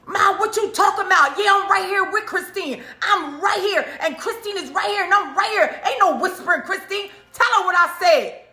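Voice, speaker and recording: A woman putting on her shrill furious twin sister. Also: normal speed, few pauses, echoey room, exaggerated voice. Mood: defiant. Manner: shouting, accusing.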